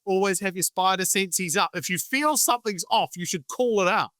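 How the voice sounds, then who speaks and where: A man's voice: high-pitched, normal speed, a bit bright, dry recording. A man from the UK, a sales trainer telling blunt anecdotes in a podcast conversation and acting out the dialogue.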